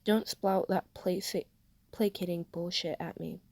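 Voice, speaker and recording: A woman's voice: lowish voice, fairly even intonation, a little slow, darkish tone, no room sound. A woman voicing a rude, demanding businessman in a cheap suit, in a curt and impatient manner.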